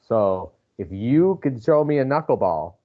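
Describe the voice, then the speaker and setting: A man's voice: medium pitch, big pitch swings, a little slow, narrow, tinny audio. A man co-hosting a podcast, goofy and sarcastic, often laughing. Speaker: podcast co-host. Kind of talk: casual banter.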